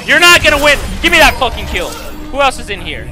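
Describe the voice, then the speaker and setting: A young man shouting, swearing and raging over an online match while commenting on his gameplay, his voice cracking from yelling. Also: extremely high pitch, wildly swooping pitch, a little fast, over music. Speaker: gaming YouTuber. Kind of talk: angry live gameplay commentary.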